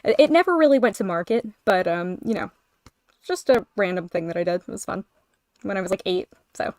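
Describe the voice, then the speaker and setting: A woman co-hosting a casual livestream chat, chatty and giggly with quick asides. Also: mid-range voice, expressive, a little mellow, no room sound.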